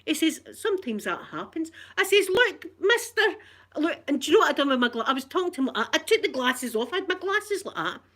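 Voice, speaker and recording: A Glaswegian woman in middle age, recording herself at home on a phone, recounting a run-in with animated, indignant energy. Her voice sits a touch high and she laughs often through the telling. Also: fast, hardly any pauses. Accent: Scottish, Glasgow. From Scotland. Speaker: vlogger. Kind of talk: casual storytelling to camera. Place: at home, in a living room.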